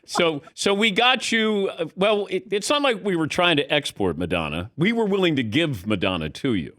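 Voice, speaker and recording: A man hosting a radio show, teasing his guest with quick jabs. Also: on the high side, sing-song, a bit bright, dry recording, clean studio sound. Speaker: radio host. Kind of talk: casual radio chat.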